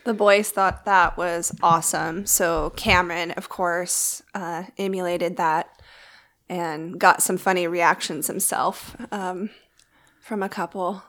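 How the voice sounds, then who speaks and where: Woman, podcast co-host, gravelly fry in her voice, chatty, easygoing. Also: fairly low pitch, fairly even intonation, slow pace, a bit bright. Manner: chatty, easygoing, laughs often. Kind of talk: casual chat.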